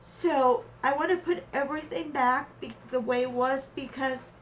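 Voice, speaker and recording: A woman unboxing a craft swap package on her vlog, gushing and sentimental, with halting pauses and fillers. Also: sits high, a little hiss or hum, rough recording. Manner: gushing and sentimental, exclaims often. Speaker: crafting vlogger.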